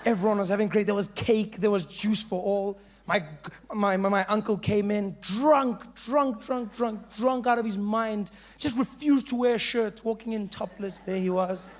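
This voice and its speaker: A young South African man doing animated stand-up storytelling, acting out voices as he goes. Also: high-pitched, normal speed, few pauses. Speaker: stand-up comedian.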